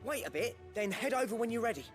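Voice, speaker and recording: An actor playing a chatty, slangy working-class friend in a video game. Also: male voice, extremely high pitch, expressive, quick pace, over music. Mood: coaxing.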